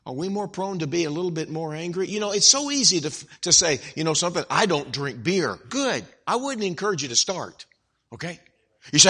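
A man preaching an evangelical sermon, swinging from hushed, slow lines to loud, emphatic outbursts. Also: fairly high pitch, sing-song, slightly rough.

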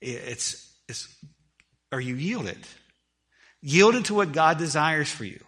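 A man's voice: fairly high pitch, expressive, slow pace, fairly bright tone. A middle-aged man preaching a sermon, with emphatic delivery that swells and drops in volume, often repeating words as he restarts. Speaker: pastor.

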